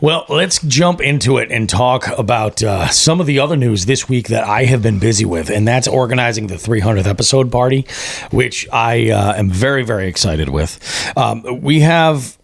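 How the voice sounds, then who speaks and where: A man's voice: mid-range voice, expressive, normal speed, vocal fry, dry recording. A man hosting a podcast, talking casually and upbeat about show plans. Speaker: podcast host. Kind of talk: casual chat.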